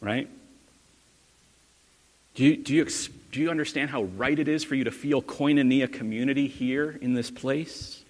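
A male pastor giving a sermon in an earnest, conversational way, asking his listeners questions. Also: mid-range voice. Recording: long hall reverb.

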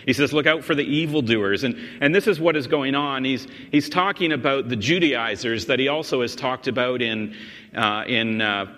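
A male pastor delivers an explanatory sermon at a mid-range pitch, pressing his points with emphasis. He often restarts and doubles words as he goes. His voice rings with a long reverb in a big church hall. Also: moderate pace, sharp tone.

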